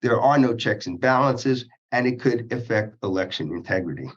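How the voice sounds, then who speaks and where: A man as an interview guest, speaking in measured legal phrasing, halting often with uhs and restarts. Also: mid-range voice, lively intonation. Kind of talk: policy interview. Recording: dull lo-fi sound.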